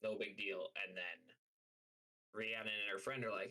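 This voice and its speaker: A man's voice: on the low side, fairly even intonation, moderate pace, pushed and bright, low-quality recording. A young man casually telling a story on a live stream, rambling and swearing often, with lots of "like". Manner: profane, rambling, heavy use of "like".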